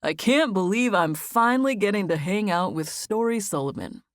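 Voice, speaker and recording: A woman's voice: mid-range voice, animated, moderate pace, no echo, clean studio sound, natural voice. A woman reading an eager, friendly young man in an audiobook.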